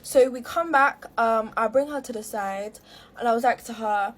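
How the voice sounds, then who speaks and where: A young woman, a storytime creator, tells an aggrieved story to camera in a slightly high voice at a moderate pace. She rambles, packing her retelling with fillers.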